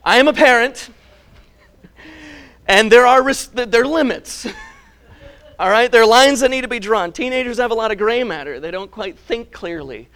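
High-voiced emphatic male preacher. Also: lively intonation, normal speed, long pauses, a bit bright. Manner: emphatic, conversational, chuckles at himself. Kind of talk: sermon.

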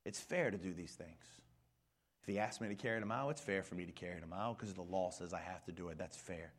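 A middle-aged male pastor preaching a sermon with passion, dropping to hushed near-whispers and rising to shouts. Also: low voice, quick pace.

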